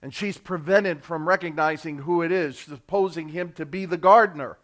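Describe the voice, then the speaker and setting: A male pastor preaching a sermon, acting out the people he quotes and swinging between loud and quiet. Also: a little high, moderate pace. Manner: dramatic, acts out quoted voices with big swings in loudness.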